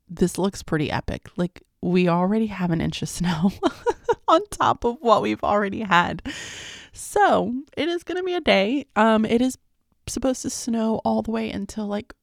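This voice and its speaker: A woman's voice: mid-range voice, gravelly, dry recording, studio quality. A woman in her thirties hosting a podcast, chatting casually about her day, laughing often and calling her listeners "guys.". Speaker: podcast host. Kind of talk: casual video-diary chat.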